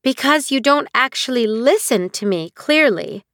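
High fierce young noble girl pushing back hard, read by a woman, dry close sound. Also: lively intonation, normal speed, a bit bright, no room sound. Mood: indignant. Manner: heated, pleading protests. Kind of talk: audiobook character reading.

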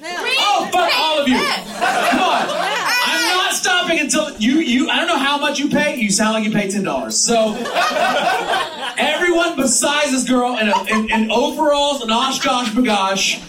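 A Mexican American man doing stand-up as host at a pub, loud and crowd-working, swearing and laughing often. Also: extremely high pitch, animated, normal speed. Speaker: stand-up comedian hosting. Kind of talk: stand-up comedy. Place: pub stage with live crowd. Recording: roomy pub, mic heard from a distance, crowd noise.

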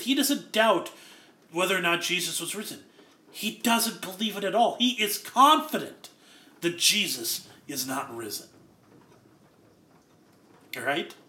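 A man gives an earnest expository sermon, working through the meaning of words. His voice sits high and sounds bright and forceful. The room around him is echoey. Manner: earnest, explains Greek word by word. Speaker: preacher.

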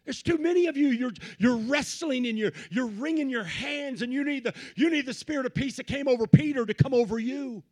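A man preaching a Pentecostal sermon, swinging from low asides to shouted peaks and repeating phrases in a rhythmic build. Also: a little fast, few pauses. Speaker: pastor.

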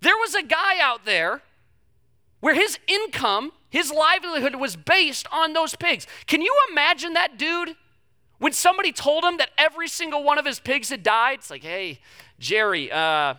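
A man's voice: extremely high pitch, lively intonation, normal speed, sharp tone. A man in his thirties preaching a sermon in an emphatic, conversational way, often repeating phrases for effect. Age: 30s. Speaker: pastor.

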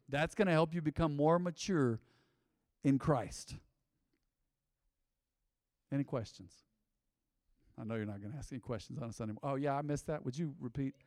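Casting: male preacher in his fifties, high voice, chatty call-and-response sermon, close dry mic with a long hall tail. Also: darkish tone. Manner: call-and-response, conversational, asks congregation to repeat. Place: church sanctuary.

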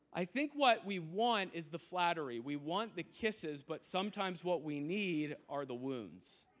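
A youth pastor in his thirties giving a sermon in a tent, talking in an earnest, conversational way with frequent restarts and asides. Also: high voice. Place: large tent used as an auditorium.

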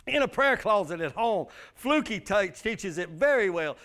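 Man, pastor, high voice, emphatic sermon, call-and-response. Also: animated, normal speed, fairly bright tone.

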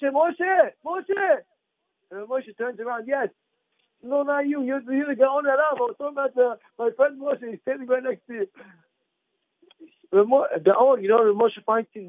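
A high-voiced man preaches in an animated, repetitive way and acts out the voices in his stories. The recording is dry and narrow, like a phone line. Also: no echo. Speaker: rabbi giving a Torah class. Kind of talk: storytelling sermon.

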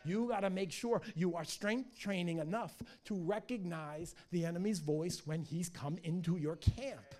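A middle-aged pastor with a high-pitched voice preaches an upbeat sermon. He jokes and tells stories in a lively, animated way. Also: a little slow, few pauses. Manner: energetic, joking and animated storytelling.

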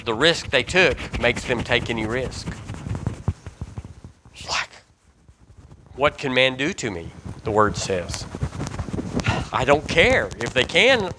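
In a church sanctuary, a male pastor with a Southern US accent preaches a sermon in a medium-pitched, animated voice, unhurried and with long pauses, over a noisy background. He reads scripture aloud and has the congregation repeat lines after him, building emphatic repetitions in a call-and-response style.

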